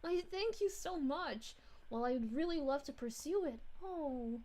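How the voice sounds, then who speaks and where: A woman's voice: sits high, lively intonation, unhurried, dark tone. A woman voicing a cheerful, motherly space princess, reading live-stream chat in character with bubbly, giggly, gushing thanks.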